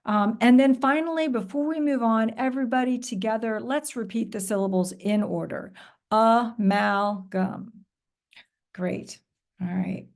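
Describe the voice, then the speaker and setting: A woman teacher trainer presents a recorded professional development session, modeling patient call-and-response teaching with encouraging praise. Her pitch is fairly high and a little mellow, and she speaks briskly with hardly any pauses.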